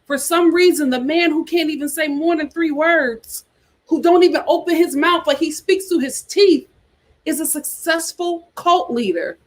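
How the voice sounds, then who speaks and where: A woman hosting a reality TV commentary livestream, sassy and animated, reading viewer super chats aloud. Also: sits high, normal speed.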